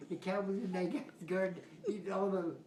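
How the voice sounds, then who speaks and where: A man's voice: sits high, fairly even intonation, a little fast, a little mellow. An older man telling family stories in a casual, rambling way, chuckling often. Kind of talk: casual storytelling. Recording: roomy home recording with background noise.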